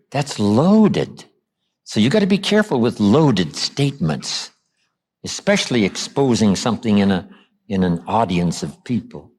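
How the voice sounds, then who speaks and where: An older man giving a motivational seminar talk, acting out quoted lines with dramatic pauses. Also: mid-range voice. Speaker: motivational speaker.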